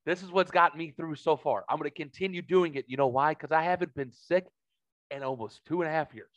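A man's voice: fairly high pitch, brisk, no room sound, muffled recording. Profane, heated man telling a story. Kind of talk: casual storytelling chat.

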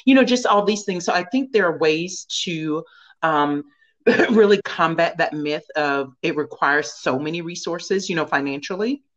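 Low-voiced earnest woman guest. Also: moderate pace, lo-fi sound. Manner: earnest, faith-centered, laughs often. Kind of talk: casual conversation.

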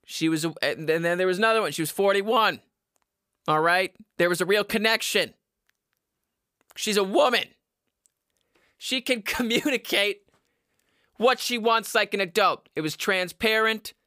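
A man in his twenties talks to his viewers from home in a loose, crude ramble, restarting sentences and chuckling at his own jokes. His voice sits a little high for a man and sounds bright and tense. The sound is dry and close, with no room echo. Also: unhurried, long pauses. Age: 20s. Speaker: vlogger giving dating advice. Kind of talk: casual rambling monologue to camera.

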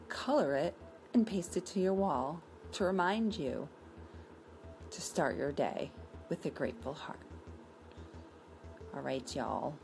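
A woman talks in a loose, rambling way. Her voice is low and full of vocal fry, and she is blunt, swearing here and there. Faint room noise sits under her voice. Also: a little mellow, low-quality recording. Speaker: vlogger presenting a coloring page. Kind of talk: casual chat.

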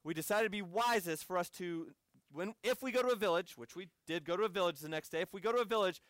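High-voiced American man preaching. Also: quick pace, fairly bright tone, dry recording, clean studio sound. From United States. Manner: conversational storytelling with asides to the audience. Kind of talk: sermon.

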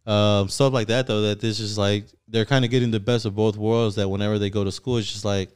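A man in his thirties talks in a relaxed, rambling way, leaning on fillers like "you know" and "right?". His voice sits low and sounds smooth and resonant. Now and then he drops into Spanish slang mid-sentence. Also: fairly quick. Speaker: podcast co-host. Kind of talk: casual chat.

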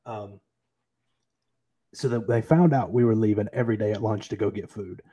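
A man's voice: lowish voice, moderate pace, dark tone, breathy edge. A young man co-hosting a podcast, chatting casually and telling loose stories. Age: young adult. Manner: loose, laid-back storytelling. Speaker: podcast co-host. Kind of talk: casual interview chat.

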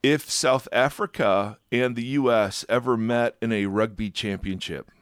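A man's voice: medium pitch, dry recording. Chatty male podcast host, dry sound. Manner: chatty, joking, with quick restarts. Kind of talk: casual podcast chat.

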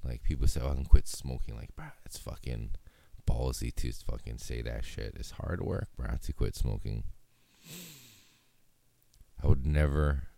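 Very deep gravelly laid-back man. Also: a little slow, mellow, no room sound. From Hawaii. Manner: laid-back, rambling, heavy swearing. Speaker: podcast host. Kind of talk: casual solo podcast chat.

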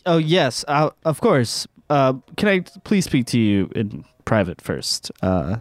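A man playing a tabletop game, halting and hesitant, restarting his sentences. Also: mid-range voice, very animated, dry recording. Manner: hesitant, lots of uhs, restarting. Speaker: player. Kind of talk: tabletop game play, casual.

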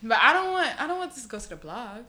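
A woman's voice: a little high, fast talker. A young woman hosting a podcast, chatting candidly and with plenty of profanity. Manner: candid, profane, lively banter. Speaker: podcast host. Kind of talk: casual chat.

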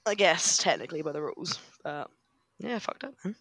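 A man co-hosting a podcast, chatting crudely with lots of "like" and quick reactions. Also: on the high side, expressive, fairly bright tone, dry recording. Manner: crude, reactive, says "like" a lot. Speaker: podcast co-host. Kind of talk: casual chat.

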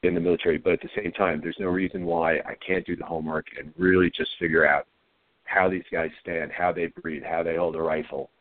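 Low-voiced actor on a phone line. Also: male voice, little pitch movement, no room sound. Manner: low-key, halting, many restarts. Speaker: actor guest. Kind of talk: casual interview talk.

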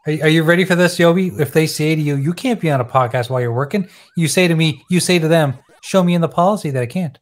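A man's voice: a little high, quick pace, few pauses. A man teasing his friends during a casual gaming podcast chat.

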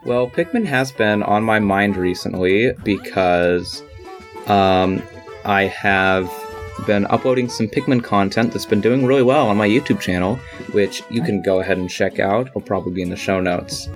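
Eager low-voiced male co-host. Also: normal speed, faint music behind. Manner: eager, rambling, many fillers. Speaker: podcast co-host. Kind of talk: casual chat.

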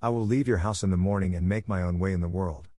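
A sullen, hardened young man, as a male reader plays him, speaking in a low, cold and curt voice. The reading is close and dry, with no room sound. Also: fast, warm tone, no room sound. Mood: defiant. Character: sullen defiant young man, accused son. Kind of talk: audiobook reading.

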